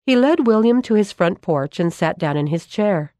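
A woman reading a storybook aloud, calm and measured narration. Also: mid-range voice, no echo, clean studio sound.

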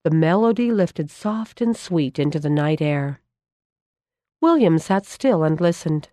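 Low-voiced woman reading a story. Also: no room sound, studio quality. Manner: calm, measured storytelling. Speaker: narrator. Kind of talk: storybook read-aloud narration.

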